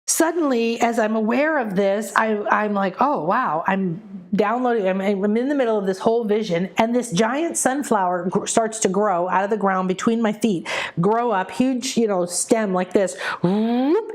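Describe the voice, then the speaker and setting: Middle-aged woman of mid pitch hosting a spiritual livestream; chatty, animated, with sudden excited rushes. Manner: animated, breaks into quick excited bursts and soft slow stretches. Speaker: spiritual teacher hosting a live session. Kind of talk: casual live-stream talk to viewers.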